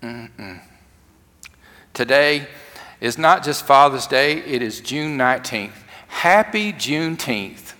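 A man preaching a sermon in a dramatic way, swinging from loud, fervent lines to hushed ones. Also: mid-range voice, animated, takes it slowly. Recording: long hall reverb.

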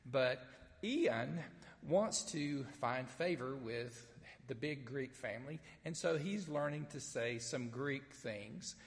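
A man with a Southern accent, a pastor from Mississippi, preaching an Easter sermon in a folksy storytelling way with gentle humor. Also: mid-range voice, animated, slow, creaky, in a large hall. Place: sanctuary with only a few people present.

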